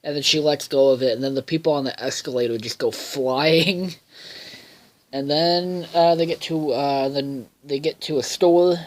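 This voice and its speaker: A man's voice: fairly high pitch, fairly even intonation, normal speed. A man casually recapping a cartoon episode in a rambling, profane way, full of fillers and half-finished thoughts, sounding tired. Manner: profane, filler-heavy, loses his train of thought.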